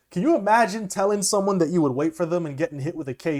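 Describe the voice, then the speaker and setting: A young man, a music producer, chatting casually and excitedly as he reacts to an album, laughing often. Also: on the high side, fairly quick, hardly any pauses. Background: music playing faintly.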